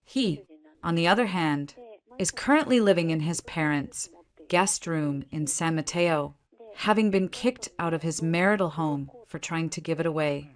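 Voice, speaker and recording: A woman's voice: sits low, normal speed, natural voice. Woman voicing a curt fifty-something divorce lawyer. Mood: commanding. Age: 50s. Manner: curt, clipped, commanding. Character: brisk, ruthless middle-aged female divorce lawyer.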